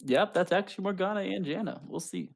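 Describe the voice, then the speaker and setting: A man's voice: high voice, fast, vocal fry. A man casting an amateur esports match in a laid-back, chatty way, with self-mocking humor. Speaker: esports caster. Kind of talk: casual esports commentary.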